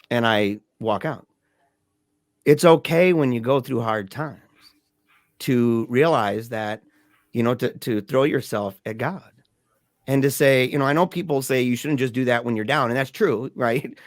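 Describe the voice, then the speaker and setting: A middle-aged man telling a personal story as a podcast guest, in a halting, conversational way with restarts and soft laughs. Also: medium pitch, no room sound, clean studio sound.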